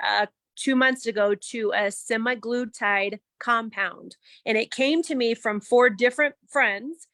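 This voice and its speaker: A woman shares her story in a candid, lively way, laughing easily and acting out her own reactions. Her voice sits a little high, and the sound is dry and close, like a video call. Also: no room sound. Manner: chatty and animated, with laughs and quoted self-talk. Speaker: guest giving a testimony. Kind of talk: candid personal testimony.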